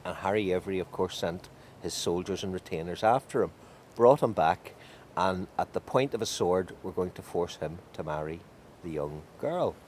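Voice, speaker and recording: Low-voiced storyteller. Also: male voice, slight background noise. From County Tyrone. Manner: lively, drawn-out emphasis, wry. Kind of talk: folk tale storytelling.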